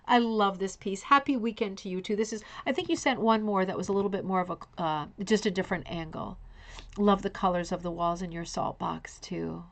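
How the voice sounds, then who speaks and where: A woman's voice: medium pitch, fairly quick. A woman hosting a casual live online show, talking effusively and addressing viewers by name. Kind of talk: casual livestream commentary.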